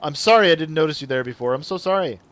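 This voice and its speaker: Young Canadian male streamer, slightly high voice, chatty and apologetic with his chat. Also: lively intonation, fast talker, a bit bright. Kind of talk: live gameplay commentary chatting with viewers.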